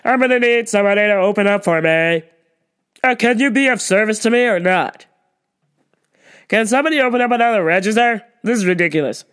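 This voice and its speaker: A woman voicing a pushy, entitled female shopper who talks in a loud, haughty and insistent way. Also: medium pitch, a little fast, close to an everyday voice. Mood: impatient.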